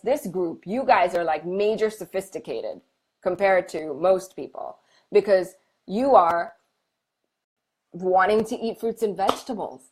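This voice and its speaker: A woman hosting a casual live stream, chatting warmly and encouragingly with viewers with lots of fillers and restarts. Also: mid-range voice, slightly rough. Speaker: medical intuitive hosting a live Q&A.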